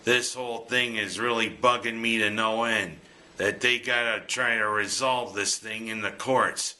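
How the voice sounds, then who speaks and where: A man's voice: fairly low pitch, fairly even intonation, unhurried, pushed and bright. A man giving jokey, punning scripted sports commentary as host. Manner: jokey, punning, breaks into goofy singing.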